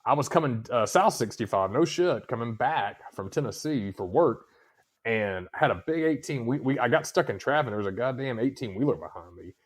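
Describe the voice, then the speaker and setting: A man co-hosting a podcast, telling stories in crude casual chat and swearing a lot. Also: on the high side. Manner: profane storytelling, swears constantly. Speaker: podcast co-host.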